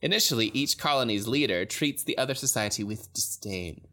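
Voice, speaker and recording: A man's voice: medium pitch, lively intonation, fairly quick, pushed and bright. A man co-hosting a podcast in casual chat, recapping an episode and joking with frequent laughter. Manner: laughs often, joking and playful. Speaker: podcast co-host.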